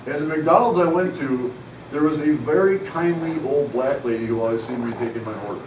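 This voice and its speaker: At a conference, a man in his forties tells an audience a personal story in a frank, conversational, self-deprecating way. His voice is on the high side, fairly quick, and darkish in tone, picked up by a distant mic in an echoey hall with slight background noise.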